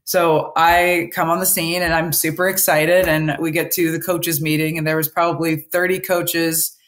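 A woman speaking as a podcast guest, telling a candid story in an animated way. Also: low voice, moderate pace. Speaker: podcast guest, baseball coach. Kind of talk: interview storytelling.

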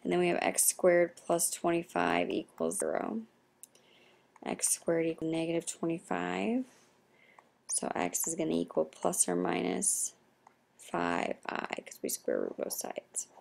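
A young woman, a math teacher, explaining a recorded lesson in a quiet, half-whispered voice. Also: on the low side, big pitch swings, a little slow, gravelly.

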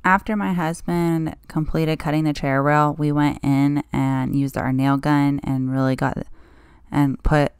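A woman's voice: low voice, flat delivery, a little slow, darkish tone, clear, resonant tone, dry recording, clean studio sound. A woman home-makeover vlogger narrating her project in a chatty, friendly voice-over, with casual fillers.

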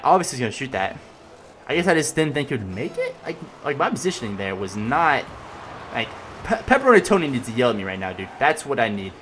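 A young man giving casual gameplay commentary as he plays, excitable and swinging between loud yelling and mumbled asides. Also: mid-range voice. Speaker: gaming commentator.

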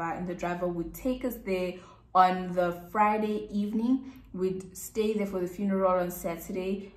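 Chatty South African woman, echoey room. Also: on the low side. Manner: chatty, repeats words for emphasis. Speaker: YouTuber. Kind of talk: casual storytime.

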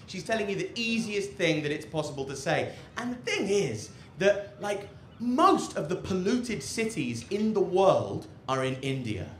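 A man's voice: sits high, a little hiss or hum. A man doing a stand-up set on an outdoor rooftop, with a dry, ironic delivery full of fillers and halts. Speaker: stand-up comedian. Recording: echoey rooftop with loud crowd laughter.

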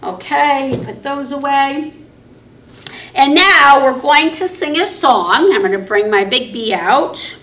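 Young female librarian for baby storytime: bright, high, unhurried, sing-song. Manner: sing-song, cheerful and encouraging toward little ones. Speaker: children's librarian. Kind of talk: baby storytime with songs and rhymes. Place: library program room.

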